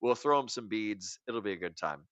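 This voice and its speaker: A man's voice: fairly low pitch, expressive, normal speed, a bit bright, clear, resonant tone, no room sound, dull audio. A young man hosting a casual late-night stream, rambling, swearing and laughing often. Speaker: stream host.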